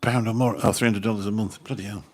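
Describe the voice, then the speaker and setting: A man from Birmingham, England, speaks fast in a lowish voice with fairly even intonation. He's a channel host rambling casually with livestream viewers, chatty and swearing mildly.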